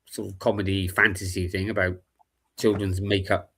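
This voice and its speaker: A low-voiced man joins a casual stream panel. He talks in a laid-back way, hesitating and trailing off as he recalls things. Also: level tone, moderate pace, a bit bright, slightly rough. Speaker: panel guest. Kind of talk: casual chat.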